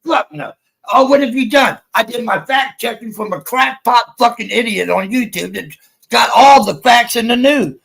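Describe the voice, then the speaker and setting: A man from the United States, a livestream panelist, rants angrily on a livestream, heated and swearing constantly. His very high voice is gravelly and fairly bright, at a normal speed, and the audio is poor.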